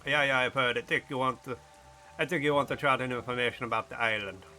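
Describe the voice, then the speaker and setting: A man's voice: mid-range voice, fairly even intonation, fast talker, sharp tone, faint music behind. A man voicing a chatty male fish who passes on island gossip in a put-on Jamaican-sounding accent. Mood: gossipy.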